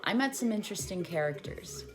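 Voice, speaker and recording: A woman's voice: on the low side, sing-song, a little fast. A young woman in her twenties telling a long, rambling personal story in a casual vlog, full of "like" fillers. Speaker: vlogger. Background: music.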